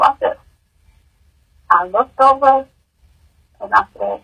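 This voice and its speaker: A woman, a grieving mother, giving emotional personal testimony in an interview, halting and repeating words, her voice rising high in distress. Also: lively intonation, creaky, a bit bright, husky, poor audio.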